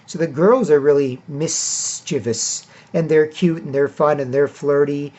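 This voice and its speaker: A man's voice: fairly high pitch, normal speed, few pauses, darkish tone. A man telling a long casual story in a rambling way, tagging his sentences with "right?" and "whatever". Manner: acts out other people in a raised, mocking voice. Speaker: vlogger. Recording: dull lo-fi recording.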